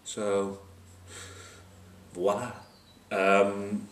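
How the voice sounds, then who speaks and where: Man, rugby pundit, low-ish voice, wry asides, distant camcorder in a roomy space. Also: moderate pace. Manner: wry, joking asides, many fillers. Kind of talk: casual match preview. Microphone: camcorder mic at a distance.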